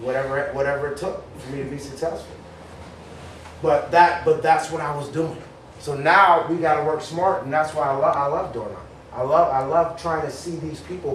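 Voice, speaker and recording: Energetic male trainer in an echoey room. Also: medium pitch. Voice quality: energetic, repeats words when starting sentences. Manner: acts out phone calls in a raised voice. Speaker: sales workshop trainer. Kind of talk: live training talk to a group. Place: workshop room. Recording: echoey room from far off, faint noise.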